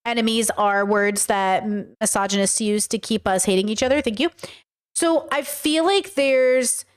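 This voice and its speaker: A woman's voice: a little high, normal speed, smooth. A woman hosting a casual reaction commentary, chatty and rambling with frequent laughs. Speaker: commentary host reacting to clips.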